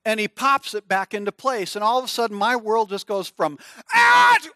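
A middle-aged man preaching, telling a personal story in an animated way and acting out screams and small voices. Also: high voice, a little fast, no echo, shouting, clean studio sound. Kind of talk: storytelling sermon.

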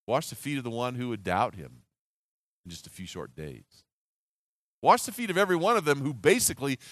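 A man preaching a sermon, telling the story animatedly and dropping to a hushed, slow voice for solemn moments. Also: mid-range voice, no echo, clean studio sound. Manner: animated storytelling, acting out disciples' reactions. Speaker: pastor.

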